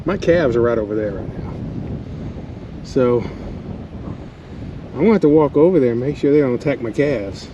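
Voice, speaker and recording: A man's voice: mid-range voice, lively intonation, normal speed, pauses often, muffled recording, background noise. An older man from Texas, a rancher, ranting bluntly and with many fillers while sitting in his pickup truck out in the country. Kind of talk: ranting vlog to camera.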